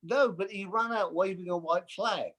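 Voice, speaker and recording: An older man chatting as a guest, telling lively stories and mimicking voices. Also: high voice, normal speed. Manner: animated storyteller, mimics voices. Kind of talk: casual chat.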